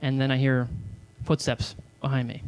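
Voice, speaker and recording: A man's voice: medium pitch, little pitch movement, moderate pace, darkish tone, clean tone. Self-deprecating stand-up man in his thirties. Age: 30s. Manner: rambling, self-deprecating storytelling with fillers. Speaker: stand-up comedian. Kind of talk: stand-up comedy. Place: comedy club stage.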